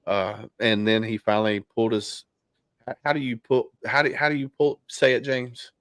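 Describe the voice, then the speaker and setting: A man's voice: medium pitch, little pitch movement, normal speed, fairly bright tone, no room sound, studio quality. A man hosting a casual podcast chat, candid and loose, with plenty of restarts and fillers. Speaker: podcast host. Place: home basement.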